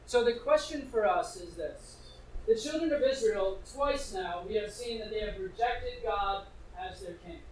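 A male preacher with a notably high voice reads scripture and talks it through in a conversational way, putting questions straight to his listeners. He sits back from the mic, and the room gives his words a clear echo. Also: lively intonation, unhurried, slight background noise. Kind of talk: sermon reading and explaining scripture. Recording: echoey room, distant mic.

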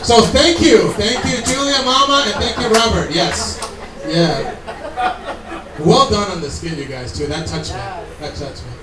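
Speaking a little slowly, a man with an expressive, high voice delivers a sermon in an earnest, conversational manner, addressing asides to his congregation. He's recorded from a distance in a room full of echo, with heavy background noise.

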